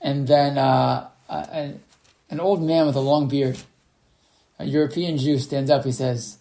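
Guy giving a torah class on a video call, mellow kinda dark voice, lots of uh and you know. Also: mid-range voice, fairly even intonation, measured pace, gravelly. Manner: storytelling with many fillers and restarts. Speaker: Torah teacher. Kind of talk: online class lecture.

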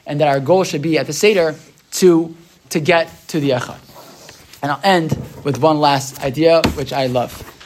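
A man's voice: fairly high pitch, steady tone, normal speed, slight background noise. A man teaching a casual Torah class, chatty and conversational, often tagging "right?" onto his points and acting out the people in his stories. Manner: chatty, keeps asking "right?"; acts out quoted voices in his retelling.

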